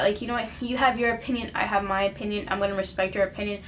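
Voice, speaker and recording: A young woman speaks straight to camera in a casual vlog, earnest and close to tears. Her voice sits at an ordinary middle pitch, and she talks in a halting way with lots of "um" and "like." A faint hum of background noise runs under her. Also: steady tone, a bit bright. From United States. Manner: emotional, earnest, full of fillers and restarts. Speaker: vlogger. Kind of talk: casual personal vlog talk.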